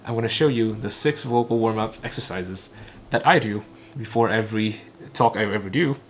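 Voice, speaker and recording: A man's voice: fairly low pitch, a little hiss or hum. A man repeating a spoken talk phrase by phrase, stumbling and restarting often as he practices English. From Vietnam. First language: Vietnamese. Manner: halting, clipped phrases with frequent stumbles and restarts. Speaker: English learner and channel host. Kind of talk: shadowing a recorded talk line by line.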